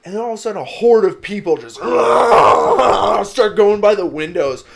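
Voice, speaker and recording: A young man co-hosting a podcast, telling a story in casual chat, animated and profane, acting out what people said. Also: sits high, moderate pace, gravelly. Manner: animated storyteller who acts out quotes, swears freely. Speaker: podcast co-host.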